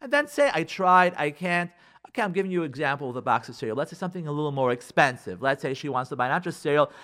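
A man with a fairly high voice talks on a radio show as a rabbi. His marriage advice comes out emphatic and animated, and he acts out what husbands and wives say to each other, with Hebrew and Yiddish words mixed in. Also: racing.

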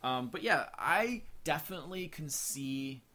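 A man's voice: a little high, expressive, a little slow, bright, forceful tone. A man co-hosting a podcast, chatting casually about a movie with lots of "like" and "you know". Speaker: podcast co-host. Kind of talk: casual film review chat.

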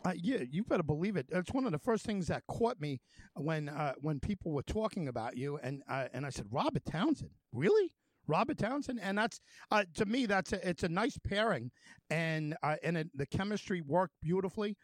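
A male radio host interviewing a guest, talking in halting, rambling runs with many fillers and restarts. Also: a little high, expressive, no room sound.

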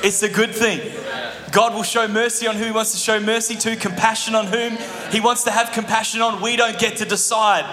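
A male pastor preaching an animated sermon, with joking asides to the congregation. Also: high-pitched, brisk, hardly any pauses, a crowd in the background. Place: church hall. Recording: echoey hall recording.

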